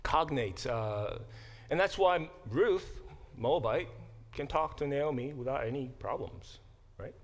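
A man's voice: medium pitch, lively intonation, slow. Bible professor, man, middle-aged, easygoing explainer in class. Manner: conversational, explains terms step by step. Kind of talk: classroom lecture.

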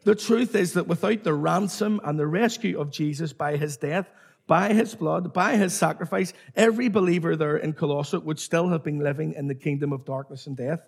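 A man's voice: fairly high pitch, moderate pace, vocal fry, a little mellow, breathy edge. A man preaching a sermon, emphatic and repetitive, calling on the congregation to respond.

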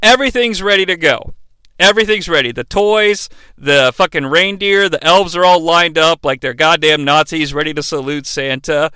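A man hosting a comedic movie review, talking in a profane, sarcastic, animated way. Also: fairly high pitch, moderate pace, smooth, dry recording.

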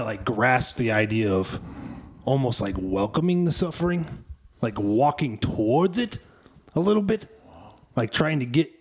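A man hosting a podcast, speaking in a reflective, searching way about his own fears. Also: mid-range voice. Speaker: podcast host. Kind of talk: casual chat.

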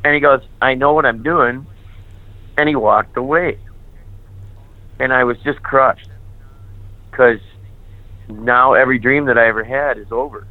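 A man who is a priest tells his own story with candid, lively energy and slips into the voices of the people he quotes. His voice comes through thin and tinny, like over a phone line, with a dry, close sound. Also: mid-range voice, unhurried, long pauses, no room sound. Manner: animated, candid, acts out remembered dialogue. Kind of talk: personal testimony storytelling.

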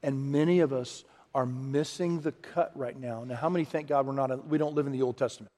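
A man preaching a sermon, animated and often acting out quoted voices, with frequent restarts. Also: mid-range voice, fairly quick. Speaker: pastor. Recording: long hall reverb.

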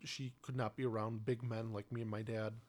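A young man in casual chat, telling a story in a relaxed way and laughing easily. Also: on the low side, fairly quick.

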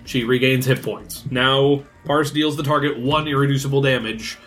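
A man's voice: mid-range voice, steady tone, normal speed, fairly bright tone, faint music behind. A man running a tabletop card game, narrating the action cinematically and laughing often. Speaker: game master.

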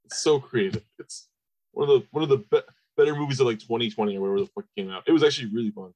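A man's voice: medium pitch, very fast, darkish tone, no echo, low-quality recording. A man co-hosting a casual movie trailer podcast, enthusiastic and laughing easily, swearing casually. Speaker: podcast co-host.

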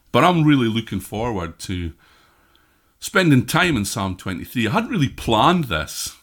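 A Scottish man preaching, reading a psalm slowly and praying, then chatting warmly with his congregation. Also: mid-range voice. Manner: slow measured scripture reading, then chatty asides. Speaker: pastor. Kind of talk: sermon with prayer.

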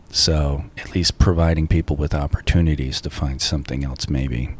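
A man's voice: a bass voice, fairly even intonation, moderate pace, a little hiss or hum. A man co-hosting a casual podcast, telling anecdotes and cracking jokes. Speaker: podcast co-host.

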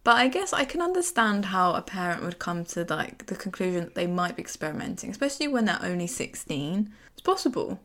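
A young woman co-hosting a podcast, chatting excitedly as she recaps a TV episode. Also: fairly low pitch, a little fast, few pauses. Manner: chatty, excitable, acts out character quotes. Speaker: podcast co-host. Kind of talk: casual TV recap chat.

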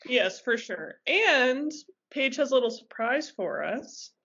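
A woman's voice: sits high, lively intonation, slow, fairly bright tone, breathy edge. A young woman co-hosting a podcast, bubbly and giggly in casual chat. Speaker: podcast co-host. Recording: dull lo-fi podcast mic.

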